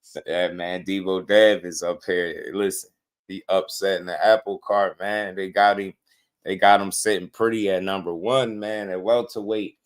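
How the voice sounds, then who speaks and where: A man with a fairly low voice hosts a boxing livestream in a loose, casual chat style. He talks in slang, gets excited quickly and breaks into laughter often.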